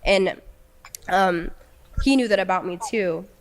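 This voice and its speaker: A young woman recounts a painful personal story in a halting way. She stumbles and repeats her words as she restarts her thoughts, at an ordinary pitch for a woman. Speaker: guest telling her story.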